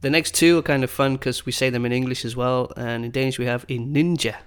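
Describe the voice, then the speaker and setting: A man hosting a podcast in casual chat, upbeat and curious, slowing down to spell things out for learners. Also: mid-range voice, steady tone, clean tone. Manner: upbeat, curious, slows down for learner-friendly phrasing. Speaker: podcast host.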